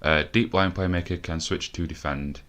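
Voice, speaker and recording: A young man commentating a football video game live, a bit out of breath and swearing often, shouting when the action peaks. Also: low-pitched, steady tone, moderate pace. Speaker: gaming commentator.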